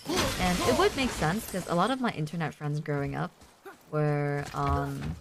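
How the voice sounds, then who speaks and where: A woman's voice: deep voice, unhurried, gravelly, noisy background. A woman streaming a video game, chatting casually and rambling with many fillers as she plays. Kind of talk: casual chat while gaming.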